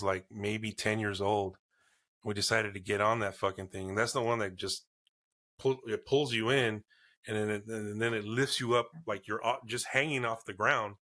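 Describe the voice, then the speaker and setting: A middle-aged man with a bright, forceful voice tells a rambling, profane story in relaxed conversation. He gets animated, doing sound effects as he goes. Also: fairly low pitch. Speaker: podcast co-host. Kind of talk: casual chat.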